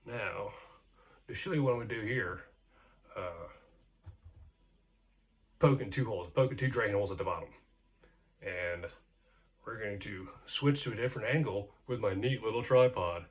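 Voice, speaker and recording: A man's voice: lowish voice, normal speed, long pauses. A man teaching pottery at the wheel in his studio, talking in an offhand, folksy way and tossing in playful sound words. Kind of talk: casual hands-on demonstration.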